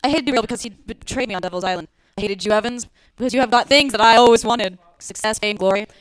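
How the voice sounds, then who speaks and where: A man's voice: high-pitched, fairly bright tone, no room sound, poor audio. An actor playing a bitter, dying male schemer who gloats with hatred, in 1940s radio acting style. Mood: spiteful. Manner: hateful, gloating, rapid.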